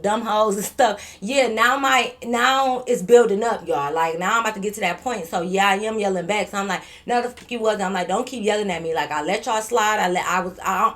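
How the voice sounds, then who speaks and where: A woman vlogger telling a story in a casual, animated, profane way, repeating herself and stuttering a little. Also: mid-range voice.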